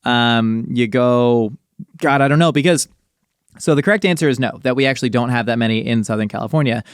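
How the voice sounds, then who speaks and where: Guy co-hosting a podcast, smooth clear voice, rambly and chatty, dry close mic. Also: medium pitch, a little fast, no room sound. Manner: rambling, explanatory, filler-heavy. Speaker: podcast co-host. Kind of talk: casual podcast chat.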